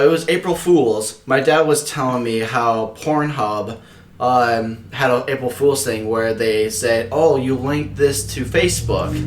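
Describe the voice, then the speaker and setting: A young man co-hosting a podcast, telling animated, profanity-filled stories and laughing often. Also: medium pitch. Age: young adult. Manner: animated storytelling, swears a lot, laughs often. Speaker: podcast co-host. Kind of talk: casual chat. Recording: echoey room with faint noise.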